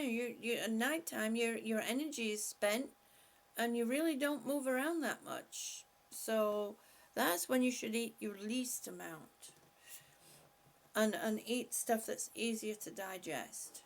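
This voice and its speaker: Woman, live-stream host, reads chat comments, chatty and laughing, slow unhurried pace, gravelly voice. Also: fairly high pitch. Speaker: vlogger reading live chat.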